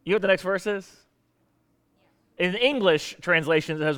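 Southern guy preaching, chatty sermon, kinda high voice, wry, loud then quiet. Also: normal speed, clear, resonant tone. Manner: conversational, wry, jumps between loud emphasis and low asides. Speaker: pastor.

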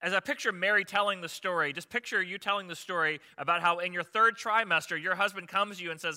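A male pastor gives a chatty, conversational sermon, often turning to his listeners with rhetorical questions. His voice is a little high and very bright, with a sharp edge. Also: quick pace, hardly any pauses.

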